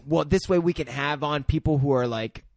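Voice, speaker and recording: A man's voice: on the high side, moderate pace, darkish tone, no echo, studio quality. A young man co-hosting a podcast, chatting in a laid-back, teasing way with hesitant fillers. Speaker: podcast co-host. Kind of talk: casual chat.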